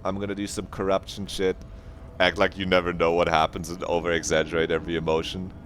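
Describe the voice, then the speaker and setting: A man's voice: low voice, flat delivery, fast talker, a little hiss or hum. A young man streaming a video game, chatting casually and rambling with jokes and swearing. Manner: joking, rambling, swears, slips into silly voices. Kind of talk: casual gameplay commentary.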